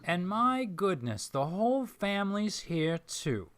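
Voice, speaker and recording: A man voicing a genial older Southern gentleman with wild white hair, speaking in a drawling Southern accent. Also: high voice, very animated, slow, clear, resonant tone, voice pushed up, exaggerated voice. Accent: American Southern. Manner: drawling, folksy.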